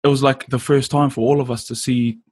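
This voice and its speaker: A man interviewing a guest in a relaxed, enthusiastic way, using lots of "you know" and "like". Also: medium pitch, brisk, slight background noise. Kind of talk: casual interview chat.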